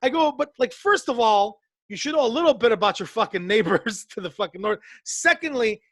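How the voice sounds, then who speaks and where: A man from Canada telling stories on a podcast in a casual, profane, animated way, acting out the people he quotes. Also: very high voice, fairly quick, a little hiss or hum. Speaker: podcast co-host. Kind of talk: casual storytelling chat.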